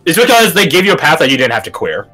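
A man's voice: fairly high pitch, sing-song, fast talker, bright, forceful tone, faint music behind. A man narrating a tabletop game as game master, chatty and full of fillers.

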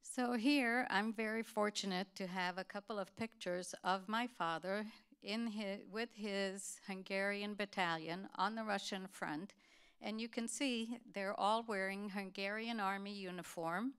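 A woman giving a talk, telling a family story to an audience in an earnest, steady way. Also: mid-range voice, a little slow, clean tone. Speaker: guest speaker.

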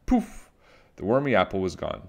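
A man reading a children's book aloud, animated and expressive with playful sound effects. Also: low voice, normal speed. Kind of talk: storybook read-aloud.

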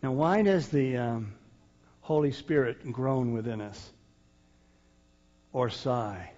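A male pastor preaching a sermon, swinging from loud, drawn-out rises to soft, sighing drops. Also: mid-range voice, long reverb tail, dull audio.

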